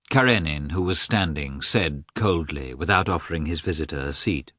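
A man narrating an audiobook in an expressive, measured reading. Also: extremely low pitch, no room sound, clean studio sound. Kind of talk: scripted narration.

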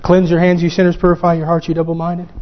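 A man preaching a sermon, fervent and growing excited as he quotes scripture. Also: a little high, quick pace. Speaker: pastor. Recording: dull lo-fi sound with long hall reverb.

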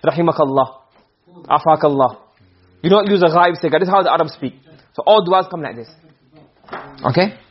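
A man's voice: sits high, animated, fast, long pauses, muffled recording, a little hiss or hum. A man teaching a classroom lesson, explaining point by point and often checking whether the students follow. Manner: explains with repeated questions to students.

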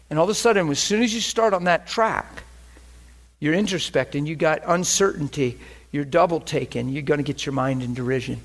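A man's voice: on the high side, fairly quick. A man preaching a conversational, emphatic sermon to a class as their pastor.

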